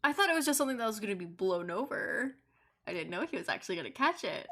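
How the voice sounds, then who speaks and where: A woman's voice: medium pitch, big pitch swings, fast, background noise. A woman streaming a game, chatting casually and swearing freely as she plays. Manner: profane, laid-back.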